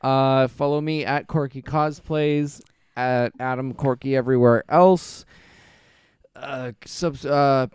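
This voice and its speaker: A man hosting a casual podcast, very tired and laid-back, with halting "uh"s between phrases. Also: medium pitch, steady tone, a little mellow, smooth, no echo, clean studio sound. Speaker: podcast host.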